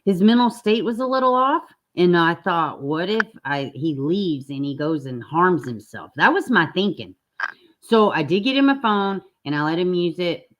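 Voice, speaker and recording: A woman with a low, deep-set voice runs a casual true-crime live stream from her laptop. She chats bluntly with her viewers and doesn't mind a curse word. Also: expressive, moderate pace, a bit bright. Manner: chatty, blunt, swears, talks straight to viewers.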